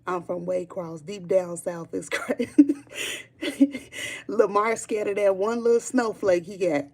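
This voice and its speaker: Woman, gravelly fry, casual livestream chat, emphatic, repeats herself, swears. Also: medium pitch, unhurried, a little mellow. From Chicago, Illinois. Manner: emphatic, repetitive, swearing freely. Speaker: streamer chatting with viewers.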